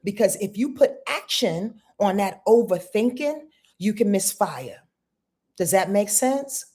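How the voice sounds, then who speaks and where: Emphatic woman astrologer, mellow voice. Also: mid-range voice, lively intonation, unhurried, husky. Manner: emphatic, repeats herself, rhetorical questions; talks straight to viewers in chat. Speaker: astrologer host. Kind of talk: live-stream astrology forecast.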